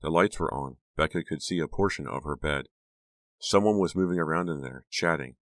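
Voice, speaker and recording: Audiobook narrator, man, very low voice, suspenseful read, dry booth sound. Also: a little fast, a bit bright, no echo. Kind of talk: scripted narration.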